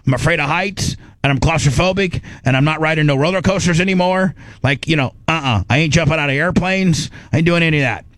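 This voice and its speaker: A man's voice: on the high side, fast talker, few pauses, fairly bright tone, no echo. Middle-aged man, radio host, rambling and self-mocking, dry close sound. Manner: rambling, self-mocking, acts out his own panic. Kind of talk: casual on-air storytelling.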